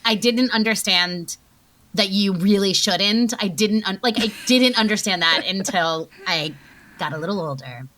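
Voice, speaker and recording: A woman in her forties telling stories as an interview guest, chatty and quick, full of "like"s and acted-out quotes. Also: mid-range voice, a bit bright. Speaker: guest actress. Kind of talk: casual interview storytelling.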